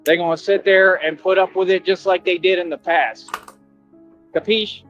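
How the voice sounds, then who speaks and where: A high-voiced man speaks at a normal speed with fairly even intonation, bragging in slangy, combative terms about running the streets. It comes from a played clip with dull, lo-fi audio and music.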